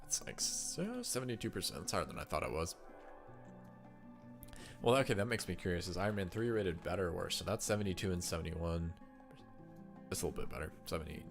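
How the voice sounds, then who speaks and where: A man's voice: deep voice, a bit bright. Stuffed-up man chatting casually. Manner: chatty, thinking aloud with fillers and restarts. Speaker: streamer ranking movies. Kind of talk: casual chat to viewers.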